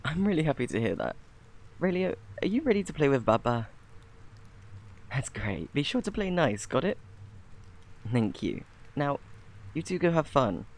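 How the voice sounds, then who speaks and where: A man's voice: fairly high pitch, very animated, moderate pace, pauses often. A man with a British accent voicing an eager, chatty male friend and fellow dad in a whispered role-play. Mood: cheerful.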